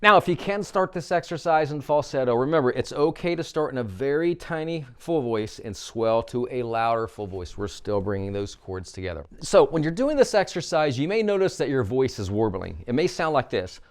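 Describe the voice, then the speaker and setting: Male vocal coach, upbeat instructional tone, mid-pitched voice, walks the listener through drills. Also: animated, normal speed, hardly any pauses. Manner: upbeat coaching, demonstrating exercises.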